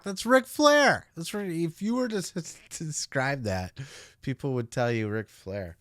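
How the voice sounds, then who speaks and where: A man's voice: fairly high pitch, animated, unhurried, a bit bright, dry recording, studio quality. A man hosting a podcast, giving blunt, profane, opinionated commentary into a podcast microphone. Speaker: podcast host.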